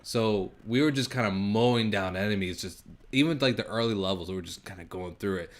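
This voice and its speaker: Deep-voiced man, relaxed podcast host, chatty storyteller. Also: fairly quick. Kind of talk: casual chat about video games.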